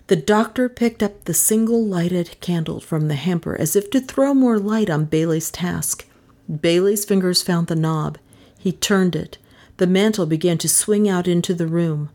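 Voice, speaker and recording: A woman reading a mystery novel aloud, expressive and rising in pitch at tense moments. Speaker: audiobook narrator. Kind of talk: dramatic audiobook narration.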